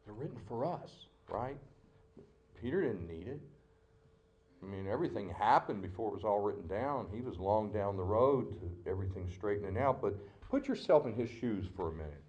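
Male pastor, middle-aged, low-pitched, emotional sermon delivery. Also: expressive, normal speed, highs cut off. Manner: emotional, dramatic delivery with sudden loud outbursts and hushed asides.

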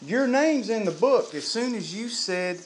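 A man preaching a sermon to a live congregation, lively and humorous, quizzing the crowd. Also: sits high, unhurried, slight background noise. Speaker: pastor.

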